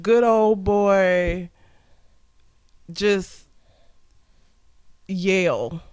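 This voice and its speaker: A woman's voice: mid-range voice, fairly even intonation, very slow, a little mellow, smooth. A young woman co-hosting a casual chat, candid and laughing often as she tells stories. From Southern United States. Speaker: podcast co-host.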